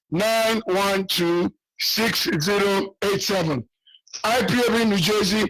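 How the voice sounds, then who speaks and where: A man's voice: high-pitched, fairly bright tone, no echo, rough recording. A man from southeastern Nigeria, calling into a radio show with an urgent, rallying appeal while losing his voice. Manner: urgent, rallying, repeats key details. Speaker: caller.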